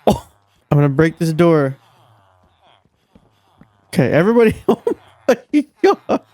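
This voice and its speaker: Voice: mid-range voice, big pitch swings, a little slow, a little mellow, no room sound. A gameplay commentator talking casually, exasperated and swearing often, scolding game characters, with the voice leaping up when frustrated.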